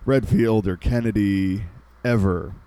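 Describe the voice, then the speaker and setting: A man co-hosting a casual podcast, speaking with hesitant, halting starts. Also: lowish voice, steady tone, mellow, clean tone. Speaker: podcast co-host. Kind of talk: casual chat.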